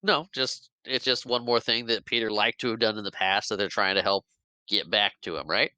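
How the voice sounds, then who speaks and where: Deep, bright-toned man recapping a movie. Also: fairly quick, clean tone, no echo. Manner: animated retelling, acts out quotes, laughs often. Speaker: podcast host. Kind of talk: casual movie recap chat.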